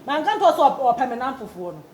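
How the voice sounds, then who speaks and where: Fast-talking, stammering woman in an echoey room. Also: high voice, big pitch swings, a little mellow. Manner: quick, stammering and arguing. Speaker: comedy actor. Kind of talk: Ghanaian comedy skit acting. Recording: echoey room with faint background noise.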